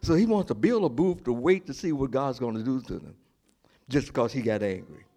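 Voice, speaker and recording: A man's voice: medium pitch, brisk. A male pastor preaching a sermon, throwing questions to the congregation and acting out the story's characters in dramatic voices. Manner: animated preaching with call-and-response questions to the congregation; acts out the prophet and God in dramatic voices.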